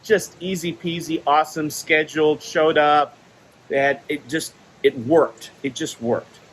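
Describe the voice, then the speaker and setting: A man's voice: a little high, steady tone, unhurried, slight background noise, rough recording. A man casually telling personal stories in a monologue, laughing often and acting out the quoted exchanges. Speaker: vlogger sharing stories.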